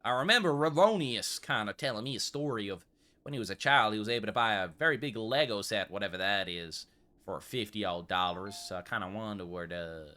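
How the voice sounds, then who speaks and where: Bright, crisp-voiced man playing shopkeeper. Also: lowish voice, expressive, a little fast. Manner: role-plays a polite old-west shopkeeper, addressing customers as sir and ma'am; drifts into a put-on regal accent. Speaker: streamer playing a shop game. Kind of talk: casual gameplay commentary.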